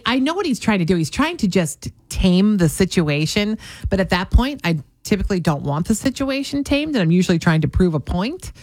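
A middle-aged woman co-hosts a radio show in casual, animated banter, laughing often and cutting in on her partner. Her voice sits a little low, swings widely in pitch, and sounds dry and close. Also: no echo. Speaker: radio co-host.

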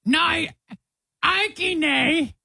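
A man putting on a squeaky, parrot-like mock British accent as a radio co-host, shrill and shouty. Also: drawn-out words, gravelly, no echo, exaggerated voice. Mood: chipper.

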